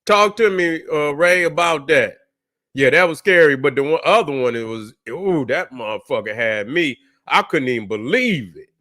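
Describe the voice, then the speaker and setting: Rambling, profane man with a slightly high voice. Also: expressive, moderate pace, bright, forceful tone. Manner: rambling, profane storytelling to viewers. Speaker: channel host. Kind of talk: casual reaction vlog.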